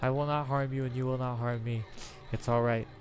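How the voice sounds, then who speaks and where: Man voicing a gentle soothing woman. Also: on the high side, steady tone, a little slow, natural voice.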